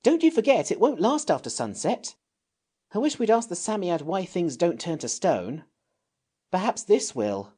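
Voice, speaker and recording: A man's voice: high voice, big pitch swings, moderate pace, warm tone, slightly rough, pitched above the performer's own voice, full character voice. A man playing a bossy, impatient boy. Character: bossy practical boy, eldest brother.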